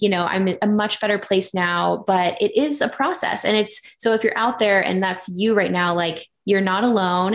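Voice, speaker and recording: A woman in her thirties, a podcast guest, telling candid personal stories in casual chat, with many fillers. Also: medium pitch.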